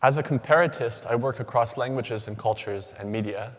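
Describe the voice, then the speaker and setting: A man giving a rehearsed academic talk from a stage, with rhythmic, measured delivery and deliberate pauses. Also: medium pitch. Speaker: doctoral student speaker. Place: large hall. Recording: long hall reverb.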